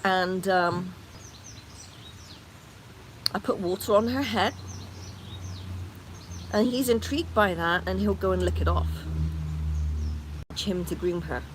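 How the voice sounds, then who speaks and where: A woman talks in a relaxed, unhurried vlog style, mid-pitched and soft. She slips into gentle cooing for her pets between explanations, with faint noise in the background. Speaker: rabbit owner and channel host. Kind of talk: casual vlog narration while tending pets.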